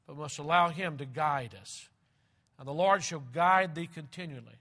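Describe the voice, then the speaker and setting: Reading scripture aloud in a sermon, a preacher dwells on key phrases, repeating them slowly with heavy emphasis. His somewhat high voice swings from loud stretches to hushed ones.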